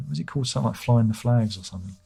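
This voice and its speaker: Husky, mellow-voiced man on a livestream. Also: mid-range voice, rapid-fire. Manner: irreverent, joking, swears freely. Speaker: livestream host. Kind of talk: casual livestream chat reading viewer comments.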